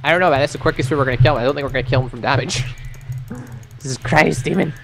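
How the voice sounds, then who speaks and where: Fast-talking gamer guy. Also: mid-range voice, gravelly, over music. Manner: fast, explains tactics, grumbles at teammates. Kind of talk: casual gameplay chat over voice call.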